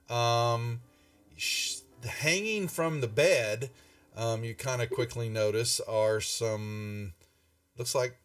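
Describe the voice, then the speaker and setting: Slow rambling game master, man. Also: medium pitch, fairly bright tone, distant mic. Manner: rambling, many fillers and restarts. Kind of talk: narrating a tabletop game.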